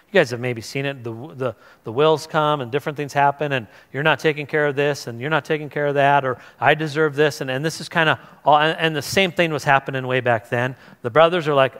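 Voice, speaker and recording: Pastor, male, mid-high voice, casual animated preaching style with acted-out voices, church hall reverb. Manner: conversational, animated, acts out voices of biblical figures. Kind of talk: sermon. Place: church sanctuary.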